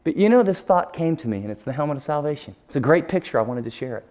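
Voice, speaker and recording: A middle-aged man preaching a sermon, earnest and confessional, dropping to a hushed near-whisper at emotional moments. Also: on the high side, lively intonation, fast.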